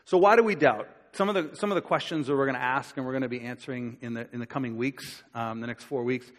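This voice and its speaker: A man preaching a sermon in a relaxed, conversational way, acting out quoted voices as he tells the story. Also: mid-range voice, fast talker. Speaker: pastor. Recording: long hall reverb.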